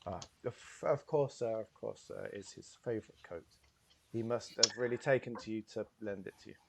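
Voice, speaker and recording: A man's voice: on the low side, moderate pace, gravelly, background noise. A man voicing a tired female hotel receptionist who speaks formally and deferentially. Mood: dutiful. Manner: formal, deferential, says sir.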